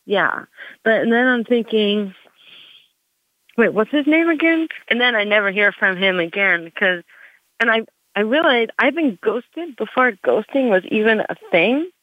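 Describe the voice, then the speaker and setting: A woman's voice: medium pitch, lively intonation, moderate pace, no echo. A Gen X woman in her forties or fifties doing a meandering stand-up monologue, full of restarts and fillers. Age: Gen X, 40s to 50s. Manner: meandering, self-interrupting, lots of likes. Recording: tinny phone-like dry recording.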